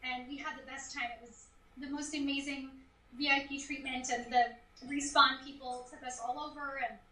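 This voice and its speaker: Woman, high voice, enthusiastic, gushing, echoey room, off-mic. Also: little pitch movement, moderate pace, bright, forceful tone, recorded from a distance. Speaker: voice actress, guest. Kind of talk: casual interview chat.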